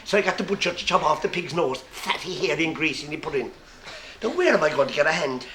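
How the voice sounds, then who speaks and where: A man with an Irish accent telling a comic story live to an audience, lively and playful. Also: on the high side, fast. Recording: echoey room with faint noise.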